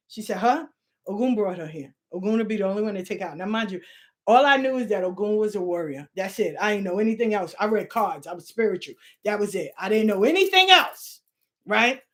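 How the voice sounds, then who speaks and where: A middle-aged woman telling a long personal story in casual, profane, animated talk, slipping into the voices of the people she quotes. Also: fairly high pitch. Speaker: spiritual channel host.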